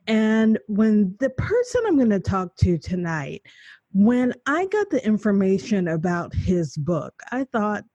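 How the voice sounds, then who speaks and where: Slow-speaking woman hosting a faith show. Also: medium pitch, dry recording. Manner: relaxed, conversational, laughs easily. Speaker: host. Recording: dull lo-fi sound, dry.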